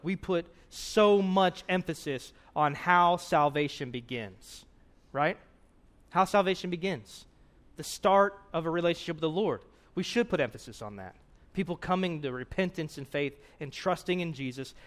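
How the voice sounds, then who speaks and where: A man's voice: on the high side, fairly bright tone. A man preaching a sermon in an earnest, conversational way, often checking in with "right?" and reading scripture aloud with rising emphasis.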